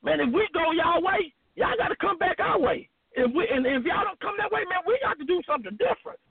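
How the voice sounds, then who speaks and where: A man talking on a phone-in show, animated and rambling, with lots of emphasis. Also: extremely high pitch, brisk. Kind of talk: casual phone-in chat. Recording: tinny phone line.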